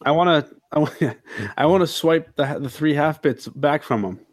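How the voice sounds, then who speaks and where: A man's voice: fairly high pitch, moderate pace, no room sound, clean studio sound. A man playing a tabletop game, chatting in a playful, joking way. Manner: playful and joking, laughs often. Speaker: player. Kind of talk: casual tabletop game chat.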